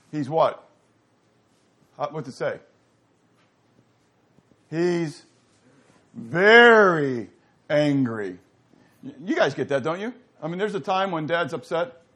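A man leads a Bible study class in a lively, questioning way. He keeps asking his listeners to answer and leans into loud emphasis on the words that matter. His voice sits a little high for a man. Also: unhurried, pauses often. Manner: animated, quizzes the audience, rising to loud emphasis. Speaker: Bible teacher.

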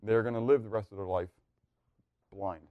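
Male pastor, animated sermon, rhetorical questions, dry close sound. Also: fairly low pitch, moderate pace, clean tone, dry recording, phone-quality sound. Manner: animated preaching with rhetorical questions, swinging from hushed to loud.

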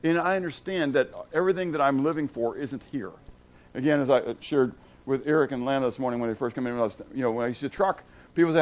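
On a muffled recording, a pastor with a mid-range voice preaches at a quick pace in a casual manner. He asks the congregation rhetorical questions, going from hushed to loud and excited.

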